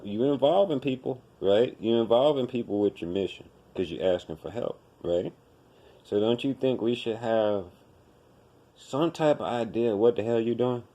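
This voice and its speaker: Dude going off on a podcast, blunt and cussing, mellow low-key tone. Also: male voice, highs cut off. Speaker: podcast host. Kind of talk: profane commentary rant.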